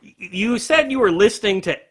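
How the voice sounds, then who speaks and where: A man hosting a casual livestream chat about music, animated and laughing often as he talks. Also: sits high, a little fast, slightly rough. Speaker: host.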